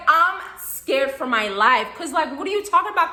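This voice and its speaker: Animated young woman telling a story. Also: high-pitched, fairly quick, hardly any pauses, a little hiss or hum. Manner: animated, chatty, laughs often, acts out quotes. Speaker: vlogger. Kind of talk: casual storytime. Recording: echoey room.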